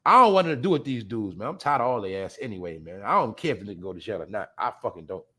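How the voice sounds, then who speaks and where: A man hosting a show, ranting bluntly and profanely at his viewers, swinging between loud outbursts and low mutters. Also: sing-song, quick pace. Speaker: podcast host. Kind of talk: casual profane commentary.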